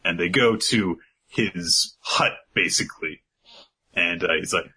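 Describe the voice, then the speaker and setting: A man casually recapping an anime episode on a podcast, animated and laughing as he goes. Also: low-pitched, slow pace, breathy edge. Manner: animated, laughing, slips into character voices. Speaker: podcast co-host.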